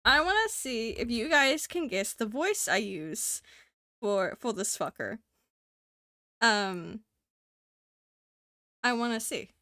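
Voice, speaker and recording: A woman's voice: a little high, animated, slow, long pauses, bright, forceful tone, no echo, studio quality. A woman streamer in casual live-stream chat, swearing freely, laughing often and talking to her chat.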